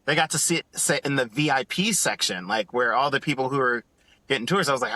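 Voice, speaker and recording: A man on a casual podcast, telling a story in an animated, excited way and acting out what others said. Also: mid-range voice, fairly quick, dry recording. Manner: animated, acts out quotes in other voices. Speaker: podcast co-host.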